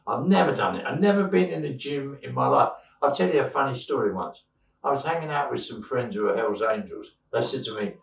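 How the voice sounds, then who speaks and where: A man in his seventies co-hosting a podcast, rambling through bawdy stories. His voice is gravelly and lively, leaping up and down in pitch. He sits away from the mic in an echoey room. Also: brisk, distant mic, a little hiss or hum. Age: 70s. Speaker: podcast co-host. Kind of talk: casual chat, storytelling.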